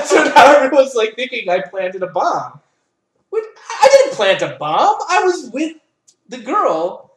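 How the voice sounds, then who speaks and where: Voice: mid-range voice, very animated, a little slow, slight background noise. A young adult co-host in a casual chat, telling a long rambling story full of swearing and "like". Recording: roomy echo.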